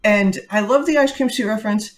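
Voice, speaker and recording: A woman's voice: mid-range voice, a little fast. A woman in her forties from New York City, co-hosting a podcast and telling wry, chatty stories. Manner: chatty storyteller, wry and lively. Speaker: podcast co-host. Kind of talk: casual chat.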